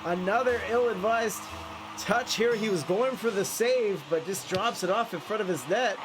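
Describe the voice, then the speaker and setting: A man casting an esports match in excitable play-by-play style, sounding congested and nasal from a cold. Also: high-pitched, normal speed, over music. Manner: excitable play-by-play with frequent restarts. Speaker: esports caster.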